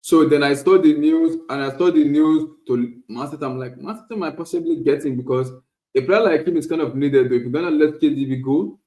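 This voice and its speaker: Man, football podcast host, casual and animated, mid-pitched, roomy echo. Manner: repetitive, animated, lots of restarts and "very, very". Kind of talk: casual solo football talk show. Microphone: streaming setup.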